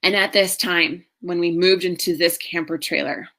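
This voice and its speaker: A middle-aged woman, a marriage coach, telling her own story in an earnest, emotional way with slow pauses. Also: lowish voice, steady tone, fairly bright tone. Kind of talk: personal story talk.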